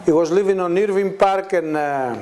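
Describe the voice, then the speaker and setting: A man's voice: high-pitched, moderate pace, slight background noise. A man giving a conversational testimony sermon, laughing often and acting out the voices of people in his stories. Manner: laughing, animated storytelling, acts out voices in quotes. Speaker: guest preacher. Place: church meeting with a responding congregation.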